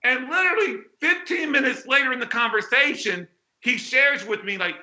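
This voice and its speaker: A man giving an animated, blunt conference keynote, exclaiming and acting out quotes with mild swearing. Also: very high voice, moderate pace. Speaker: keynote speaker at a hacking conference. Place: conference hall. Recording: roomy hall echo.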